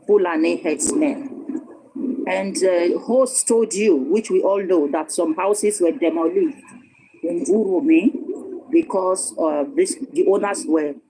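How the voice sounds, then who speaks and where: A woman's voice: lowish voice, slow, mellow, a little hiss or hum, rough recording. A woman, firmly arguing her point as a participant in an online panel debate. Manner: firm, argumentative.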